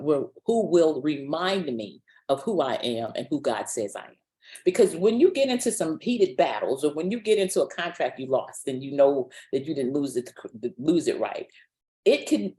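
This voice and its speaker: A woman's voice: deep voice, a little mellow. A woman giving a motivational webinar talk as a business owner, restarting words and checking in with listeners with a repeated "okay?". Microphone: webinar call mic.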